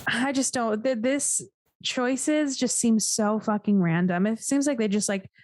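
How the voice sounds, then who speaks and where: Blunt, higher-voiced woman podcast co-host. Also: unhurried, a little mellow, no room sound, studio quality. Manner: blunt, incredulous, swears freely. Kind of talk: casual chat.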